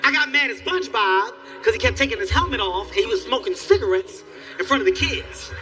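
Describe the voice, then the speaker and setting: A man doing stand-up comedy on a live stage, telling stories in an animated, profane way. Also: extremely high pitch, fairly quick, music in the background. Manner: animated, loud storytelling with profanity.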